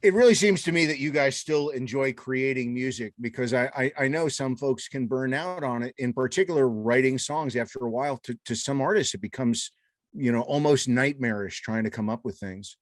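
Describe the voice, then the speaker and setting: A man's voice: mid-range voice, a little fast, no echo, clean studio sound. Joking, swearing radio host man. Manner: jokey, swears freely. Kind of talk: casual interview chat.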